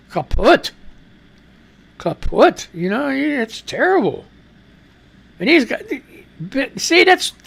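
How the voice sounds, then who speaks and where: Cowok host radio aksen amrik, suara serak agak tinggi, ngomel ngalor-ngidul, nada naik turun. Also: male voice, high-pitched, vocal fry, a bit bright. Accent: American. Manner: rambling, profane, exclaiming and laughing. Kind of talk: casual live news commentary.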